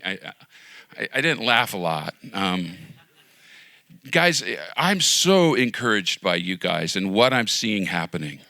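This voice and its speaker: Earnest low gravelly-voiced male pastor. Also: animated, takes it slowly, sharp tone, no room sound. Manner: earnest, pleading, drops to near-whisper at times. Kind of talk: sermon.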